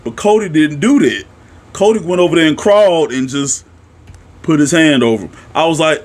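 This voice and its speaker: A young man excitedly recapping a wrestling show in a casual, profane, animated way, jumping to shouts at the big moments. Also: on the high side, normal speed. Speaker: wrestling reaction vlogger.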